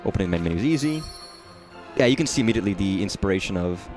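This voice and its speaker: A man's voice: low-pitched, lively intonation, very fast, darkish tone, faint music behind. A man commenting casually while streaming a game, chatty and echoing lines from the game in voices. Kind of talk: live gameplay commentary.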